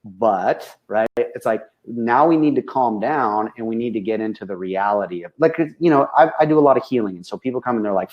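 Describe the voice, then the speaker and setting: A man's voice: on the low side, expressive, fairly quick, hardly any pauses, highs cut off. A man, a business coach, speaking frankly and with animation in casual conversation, tagging nearly every sentence with a questioning "right?".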